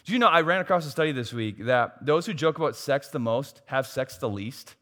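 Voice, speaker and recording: A man's voice: medium pitch, lively intonation, brisk, fairly bright tone. A man preaching a sermon as a pastor, emphatic and repeating key phrases, with self-deprecating asides. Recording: long hall reverb.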